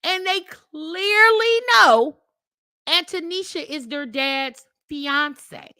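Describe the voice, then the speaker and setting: A woman hosting a reaction video, commenting on a played clip in a sassy, mocking way with loud outbursts. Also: high voice, very slow, no echo, clean studio sound.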